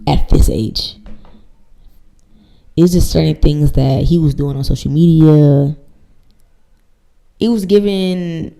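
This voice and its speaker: Low gravelly woman, blunt storyteller. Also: takes it slowly, pauses often, rough recording. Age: late 20s. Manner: blunt, swears freely, lively storytelling. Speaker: podcast host. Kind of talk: candid casual chat.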